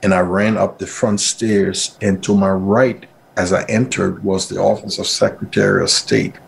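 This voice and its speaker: A middle-aged man tells his own story as an interview guest, voicing the people in it with a lift in his tone. His voice sits a little low, with gravel and a husky edge. It sounds like a relaxed conversation. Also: normal speed. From Liberia. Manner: animated, acts out quoted speech in a raised voice. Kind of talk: personal storytelling.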